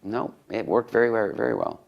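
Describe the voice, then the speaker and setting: A middle-aged man being interviewed, telling stories in a lively conversational way. His voice jumps up when he quotes other people. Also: fast, gravelly, lo-fi sound. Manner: animated, rises in pitch when quoting others. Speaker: interview guest, speaker and coach.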